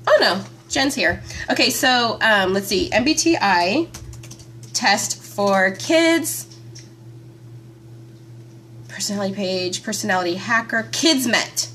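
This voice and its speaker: A woman hosting a live stream from her phone, chatting with viewers by name in a chatty, excitable way. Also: medium pitch, slow pace, long pauses, slight background noise. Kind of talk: casual live-stream chat.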